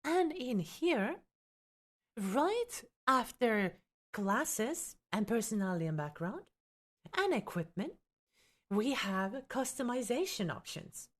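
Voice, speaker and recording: Streaming live as a tabletop game content creator, a young woman with a light Finnish accent speaks slowly in a high, sing-song voice. She reads from a rulebook and chats with viewers, teasing them, reacting to their comments, and letting out exasperated laughs.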